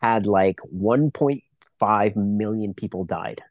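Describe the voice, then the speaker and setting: A man's voice: fairly low pitch, slow, no echo, lo-fi sound. Dry-voiced man, rambling podcast chat. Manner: rambling, swears, laughs at own jokes. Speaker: podcast co-host. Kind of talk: casual movie podcast chat.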